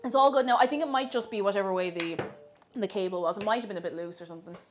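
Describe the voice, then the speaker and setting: A woman's voice: medium pitch, racing, soft background music. A young Irish woman streaming herself cooking, chatting casually and playfully with viewers, joking at her own expense and laughing often. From Ireland.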